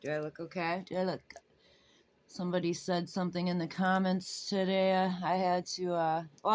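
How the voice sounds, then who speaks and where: A woman's voice: on the low side, little pitch movement, moderate pace, a little hiss or hum. A woman casually reading a book aloud, breaking off with rambling, self-interrupting asides and casual swearing. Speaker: book reader.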